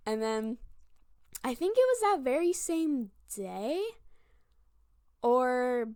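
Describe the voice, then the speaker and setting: A woman's voice: sits high, very animated, slow pace, pauses often, warm tone, dry recording, studio quality. A woman of twenty-one telling funny stories to camera in a chatty, self-mocking way, full of "like". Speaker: vlogger. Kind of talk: casual storytelling to camera.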